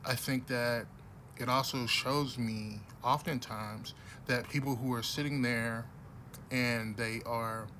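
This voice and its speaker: A man talking bluntly and casually to camera in a rambling monologue, with many restarts, growing louder and heated at times. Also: mid-range voice, fairly even intonation, takes it slowly, a little hiss or hum. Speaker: vlogger.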